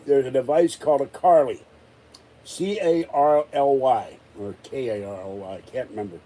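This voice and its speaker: A man's voice: mid-range voice, normal speed, warm tone, low-quality recording. A man ranting in a rambling, exasperated way during a casual live-stream chat, still recovering from an illness. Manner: exasperated, rambling rant with many restarts. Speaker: vlogger.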